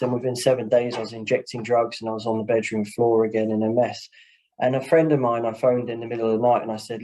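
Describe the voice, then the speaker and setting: An earnest man speaks over a video call in a mid-pitched voice, telling a personal story in a webinar. His delivery is heartfelt and open, and he leans on "you know" as he goes. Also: warm tone, rough recording. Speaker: social worker, webinar guest.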